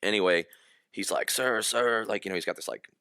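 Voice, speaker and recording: A retired American army officer, a guest on a podcast, telling a war story in a halting way with many fillers and restarts. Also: male voice, sits low, steady tone, gravelly, pushed and bright, dry recording, clean studio sound. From United States.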